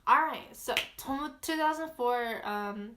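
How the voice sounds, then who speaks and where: A woman with a slightly raised pitch reads a creepy log aloud in a loose, casual way. She is chatty and easily spooked, and she fills her pauses with ums. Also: background noise. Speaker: vlogger.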